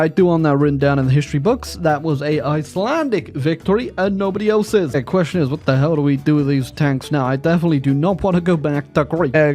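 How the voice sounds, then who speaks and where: A man giving casual, joking commentary over his own strategy game, full of fillers and dry asides. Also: on the high side. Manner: wry, joking, lots of fillers. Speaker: gaming YouTuber. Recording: faint background music.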